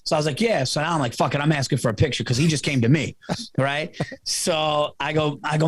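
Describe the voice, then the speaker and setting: A comedian hosting his podcast tells a story in a loose, self-mocking way, laughing and swearing freely. His voice sits a little high and the sound is dry and close. He keeps it casual and animated. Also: fairly quick, dry recording. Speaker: comedian host.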